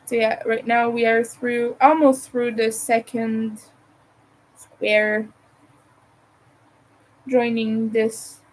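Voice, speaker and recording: A woman's voice: a little high, darkish tone, rough recording. A woman from Montreal with a Montreal English accent, hosting a casual crochet livestream from home, rambling and thinking aloud as she works. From Montreal, Canada. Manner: rambling, chatty, thinks aloud while crafting.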